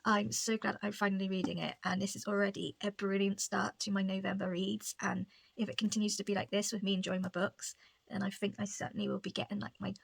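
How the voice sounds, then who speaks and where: A book vlogger chats casually at home about her reading, rambling along and using "like" a lot. Her voice is medium-pitched and husky with vocal fry, recorded with no echo.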